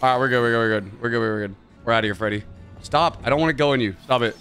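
A man narrating a horror game let's-play, joking, swearing and yelling when startled. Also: medium pitch, racing, faint music behind. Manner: jokey, swears, mutters, yells when startled. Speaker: gaming YouTuber.

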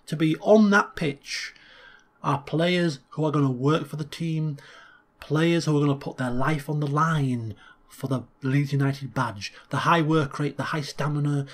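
A man with a fairly high voice talks through a football management game in a casual, opinionated way. He is lively and full of wry, grumbling asides. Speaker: video game commentator. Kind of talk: casual gameplay commentary.

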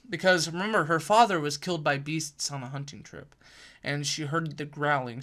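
A young man talks through a novel's plot in a loose, conversational review. He backtracks and corrects himself often, with plenty of fillers. His voice sits a little high and sounds bright and forward. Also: animated, moderate pace. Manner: rambling, self-correcting, uses fillers. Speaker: book reviewer. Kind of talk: casual book review.

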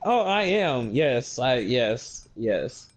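A young man on voice chat who laughs often and talks in a relaxed, encouraging way. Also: medium pitch, very slow. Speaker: guest on voice chat. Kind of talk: casual chat.

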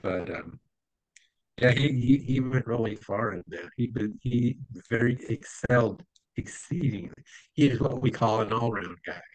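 A man at medium pitch, going a little slow, recounts old stories casually as an interview guest, rambling with fillers and voicing the people he quotes, on a low-quality recording.

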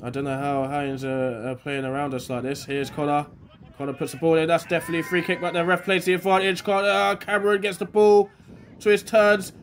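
A man from England, a bit under the weather, doing excitable live commentary on an amateur football match outdoors. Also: sits high, moderate pace, slight background noise. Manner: excitable, shouting at chances, then quiet and matter-of-fact. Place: outdoors at a grassroots pitch.

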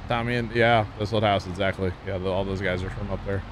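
This Midwestern-accented streamer has a deep, steady voice and talks fast as he plays, chatting with viewers in a rambling, filler-heavy way. A little hiss or hum sits under the recording.

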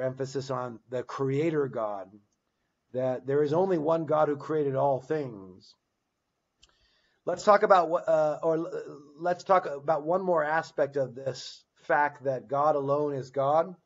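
A man with a fairly high voice speaks at a measured pace, recorded with dull audio on a battery-powered device. He's teaching a church Bible class without a script, stopping to restart phrases and reading scripture passages aloud with emphasis.

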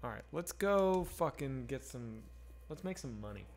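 A creaky, expressive, medium-pitched voice at a moderate pace, with slight background noise, belongs to a man live-streaming a game. He reads chat and rambles casually with viewers, profane and candid.

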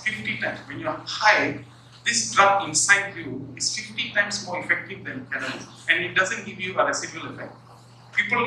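A man, a professor, giving an animated, humorous motivational talk and acting out little scenes. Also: sits high, slight background noise. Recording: echoey hall, far from the mic.

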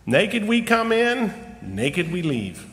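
A middle-aged man with a high, bright, forceful voice preaches a storytelling sermon, joking at his own expense and drawing out key words with slow pauses. His voice carries a long church-hall reverb. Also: wildly swooping pitch. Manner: humorous, self-deprecating, with slow emphatic pauses. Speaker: lay preacher. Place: church sanctuary.

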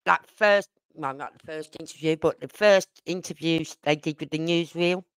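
A woman's voice: low-pitched, moderate pace, smooth, dry recording. An older woman with a Birmingham accent, hosting a casual livestream and talking bluntly and at length to her chat. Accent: Birmingham (Brummie). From Birmingham, England. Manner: blunt, outspoken, rambling. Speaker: livestream host.

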